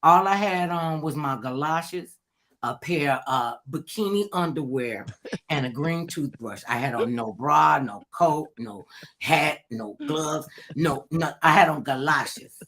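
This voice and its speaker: A woman hosting a casual talk show tells a lively story and acts out the voices of the people in it. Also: deep voice, a little slow. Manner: animated, acts out quoted voices loudly.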